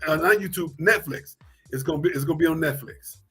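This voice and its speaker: A man's voice: fairly high pitch, fast talker, a bit bright, faint music behind. A man co-hosting a casual sports talk show, loose and repetitive, laughing easily as he talks picks.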